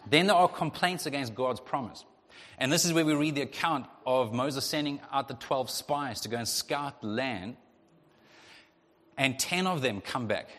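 A male pastor preaching a sermon in a lively way, acting out the voices of the people in his story. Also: medium pitch. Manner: animated, acts out voices of God and the Israelites. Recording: long hall reverb.

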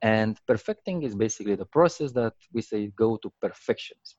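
Animated low-voiced man telling stories. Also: fairly quick, dry recording, dull audio. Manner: animated, acts out quotes with big pitch jumps, many fillers. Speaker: guest, game company founder. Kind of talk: casual interview storytelling.

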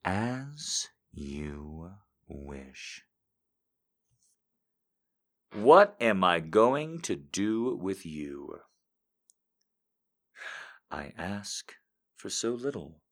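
A man putting on a low, soft, seductive voice as a dominant lover, reading short lines slowly in a near-murmur. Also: big pitch swings, full character voice. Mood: sultry. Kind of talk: reading viewer quotes in a put-on voice.

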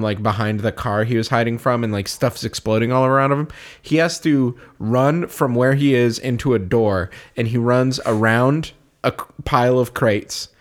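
A man co-hosting a casual podcast chat, animated and laughing often as he talks. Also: medium pitch. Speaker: podcast co-host.

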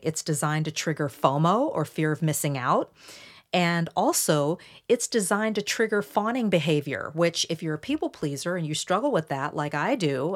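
A woman hosting a solo podcast, calmly walking listeners through a numbered list of points. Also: on the low side. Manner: measured, explanatory, walks through numbered points. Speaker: podcast host.

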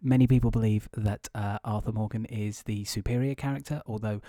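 A man voicing a pompous, measured video game reviewer in a low, quiet podcast segment. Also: fairly even intonation, no echo, clean studio sound, natural voice. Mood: earnest. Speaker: podcast co-host.

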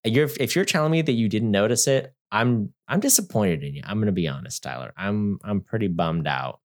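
A man chatting through a movie review with a co-host, his voice low but swinging widely in pitch. He jokes constantly, laughs often, and drops into low, muttered asides. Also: animated, fairly quick. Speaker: podcast co-host. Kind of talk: casual movie review chat.

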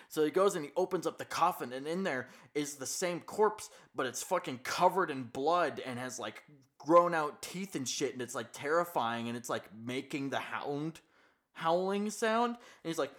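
A man's voice: mid-range voice, expressive, moderate pace, a bit bright. A young man casually retelling a horror story on a podcast, swearing freely and laughing as he goes. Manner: profane, laughing, slangy storytelling. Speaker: podcast co-host. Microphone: podcast microphone, gain problems.

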